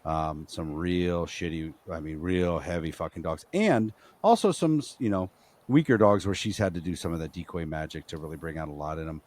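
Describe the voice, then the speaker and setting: Casting: very low male voice, rambling podcast co-host, swears freely. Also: normal speed, a little mellow. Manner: rambling, frequent fillers and restarts, profane. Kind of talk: casual podcast chat.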